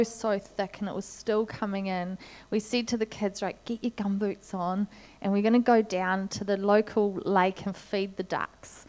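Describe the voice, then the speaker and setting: A middle-aged woman delivers a sermon to her congregation. She talks in a relaxed, conversational way, telling stories as she goes, and her voice sounds smooth and clear. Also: mid-range voice. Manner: conversational storytelling with light laughs. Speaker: preacher.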